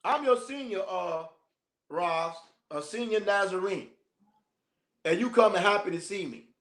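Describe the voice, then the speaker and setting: A high-pitched man leads a teaching session, reading a passage aloud and cutting in with loose, slangy jokes. He laughs often between the lines. The room around him rings with a noticeable echo. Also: unhurried, fairly bright tone. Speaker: minister teaching a class. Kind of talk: reading a text aloud and commenting casually.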